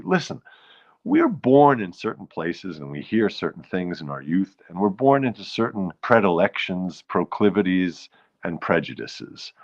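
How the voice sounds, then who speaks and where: A man from the Bronx with a New York accent hosts a laid-back live stream, his low voice coming through lo-fi sound. He rambles along and greets viewers in between his thoughts.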